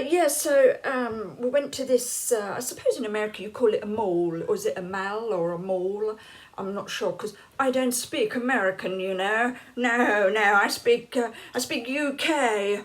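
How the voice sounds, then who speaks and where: An English woman in her late fifties, telling stories casually to camera in a chatty, laughing way. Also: on the high side. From England. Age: late 50s. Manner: chatty, laughs often, acts out quoted lines. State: unwell, feeling hot and cold. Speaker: vlogger.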